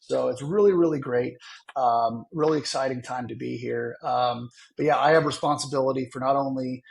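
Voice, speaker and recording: A man's voice: medium pitch, fairly even intonation, moderate pace, creaky, a little hiss or hum. A man who is a guest on a podcast, explaining his work enthusiastically in a casual interview, with many fillers along the way. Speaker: guest, sales executive.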